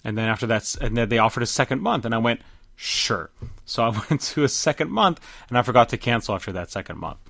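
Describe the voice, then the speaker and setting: A man co-hosting a casual podcast, chatty and quick to get worked up. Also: mid-range voice, gravelly, dry recording, clean studio sound. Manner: animated, jumps up when surprised. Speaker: podcast co-host. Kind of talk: casual chat.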